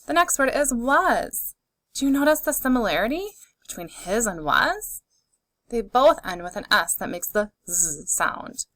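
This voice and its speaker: A woman teacher leads young children through a phonics lesson, sounding out each word with care. She speaks slowly and clearly, her pitch rising and falling in a lively, encouraging way. The recording is dry and close, with no room sound. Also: no room sound.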